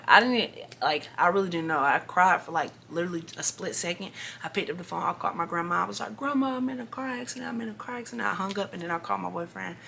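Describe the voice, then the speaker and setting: An eighteen-year-old woman telling a story to camera in a casual, animated vlog, full of slang and emphasis. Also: lowish voice, slight background noise. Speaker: vlogger.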